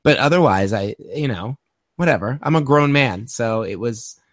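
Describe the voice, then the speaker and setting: A man's voice: medium pitch, lively intonation, normal speed, dry recording. Sarcastic man in a dry room. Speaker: podcast co-host. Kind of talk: casual chat.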